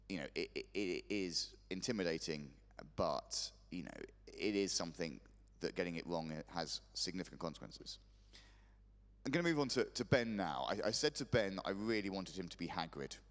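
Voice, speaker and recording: A man's voice: lowish voice, a bit bright. A man moderating a conference panel in a rambling, jokey way, with many restarts. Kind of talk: panel discussion. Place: conference hall. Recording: long hall reverb.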